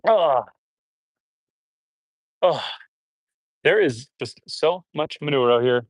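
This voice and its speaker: A man from Canada livestreaming from his farm outdoors, talking casually to viewers on a phone as he works. His voice sits a little high for a man, and the sound is dry and close. He grunts and sighs between loads and runs a bit out of breath. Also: lively intonation, slow pace, dry recording. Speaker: homestead livestreamer. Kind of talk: casual live chat reading comments while working.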